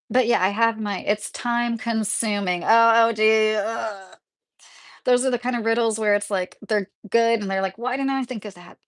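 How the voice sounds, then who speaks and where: A woman hosting a casual live stream from her rural home, rambling through stories with lots of fillers as she answers her chat. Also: mid-range voice. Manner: chatty, rambling, with frequent fillers.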